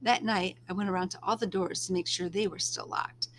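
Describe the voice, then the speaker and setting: Reading from a first-person novel, this woman tells the story gently and without hurry, occasionally lowering her voice to a hush. Her mid-range voice holds a steady tone, with slight hiss or hum underneath.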